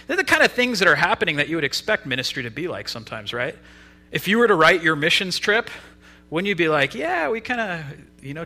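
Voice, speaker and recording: A young adult man preaching a sermon, retelling a story in a casual, lively way. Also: high voice.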